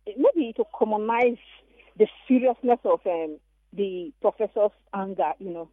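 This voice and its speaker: A woman's voice: mid-range voice, normal speed, no echo. Nigerian woman on a tinny phone line. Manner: animated storytelling, emphatic. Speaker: caller. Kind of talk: call-in radio comment.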